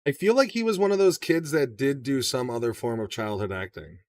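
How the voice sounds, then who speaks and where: A man's voice: medium pitch, brisk, dry recording, distant mic. Casual, profane male podcast host. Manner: profane, animated, does shouted impressions. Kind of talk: casual movie discussion.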